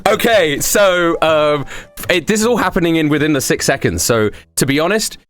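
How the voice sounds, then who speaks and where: A man's voice: on the high side, lively intonation, normal speed, a bit bright. A man running a tabletop game as game master, rambling with fillers and laughing often.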